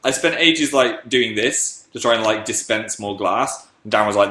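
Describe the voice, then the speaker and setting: Bright-voiced man chatting on a livestream. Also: fairly low pitch, moderate pace, hardly any pauses. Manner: rambling, self-deprecating, chatty. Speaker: livestream host. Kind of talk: casual livestream chat reading viewer messages.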